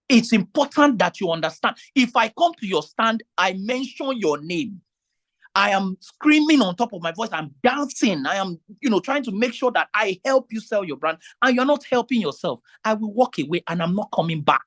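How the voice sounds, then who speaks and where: A man's voice: high-pitched, big pitch swings, brisk, fairly bright tone. A man, an event MC talking to vendors in a meeting, emphatic and pleading, often repeating himself. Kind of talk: meeting talk.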